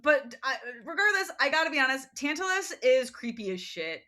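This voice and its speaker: A woman co-hosting a podcast, chatting casually about a book, animated and laughing often as she acts out quotes. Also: high voice, fairly quick. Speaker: podcast co-host. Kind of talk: casual book discussion chat.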